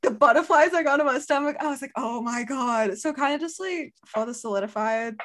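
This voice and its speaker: A woman with a fairly high voice leads a casual fan chat. She gushes as she talks and fills her sentences with fillers. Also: fairly quick, fairly bright tone, a little hiss or hum. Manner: gushing, filler-heavy.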